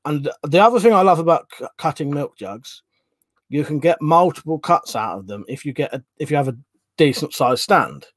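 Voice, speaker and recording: A man's voice: on the high side, lively intonation, normal speed, no echo. A man hosting a casual livestream, rambling and chatty as he reads out chat messages and swears offhand. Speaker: livestream host reading chat.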